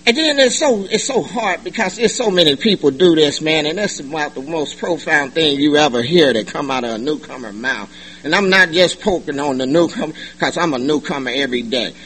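Man speaking at a recovery meeting, high bright voice, husky edge, animated, laughing, slangy storytelling. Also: a little fast, poor audio. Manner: animated, joking, colloquial, laughs often. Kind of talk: personal testimony at a meeting. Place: meeting room.

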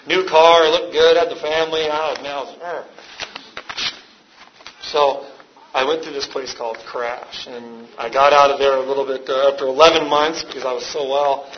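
Rambling man sharing his story. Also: mid-range voice. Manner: rambling, self-mocking, laughs often. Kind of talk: personal story told to a live meeting. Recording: dull lo-fi with background noise.

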